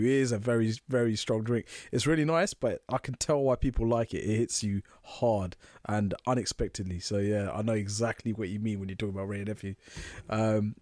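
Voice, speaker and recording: A man's voice: fairly low pitch, no echo, studio quality. A man, co-hosting a podcast and telling drinking stories in casual chat, acting out what people said. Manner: fast, animated anecdotes with acted-out quotes. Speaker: podcast co-host.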